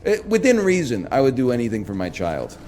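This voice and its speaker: A man chatting casually on a stream, telling long rambling stories in a lively, joking way. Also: medium pitch, fairly quick, heavy background noise. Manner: rambling, animated, jokey storyteller. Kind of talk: casual storytelling chat.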